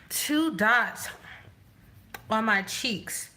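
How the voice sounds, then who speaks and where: A woman vlogger chatting casually to herself as she does her makeup, rambling and thinking out loud. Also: mid-range voice, slow pace, pauses often. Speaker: beauty vlogger. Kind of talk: casual chat while doing makeup.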